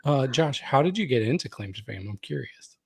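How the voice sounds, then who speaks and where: A man co-hosting a podcast, chatting and asking questions with curiosity and a slow delivery. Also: mid-range voice, lively intonation, vocal fry, husky. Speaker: podcast co-host. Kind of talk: casual chat.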